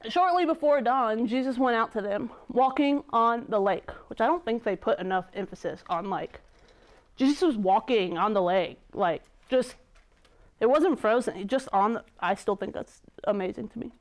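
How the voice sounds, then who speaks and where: Brief: young woman youth leader, chatty sermon, smooth clear voice sitting a bit high. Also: lively intonation, normal speed. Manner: chatty, conversational, many "like" fillers. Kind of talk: casual youth sermon with scripture reading.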